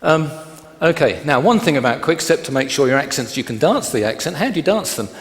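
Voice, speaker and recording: A man's voice: a little high, lively intonation, a little fast. A man teaching a dance class, counting beats aloud and explaining steps plainly. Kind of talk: dance lecture. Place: large hall. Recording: echoey hall, long reverb, music behind.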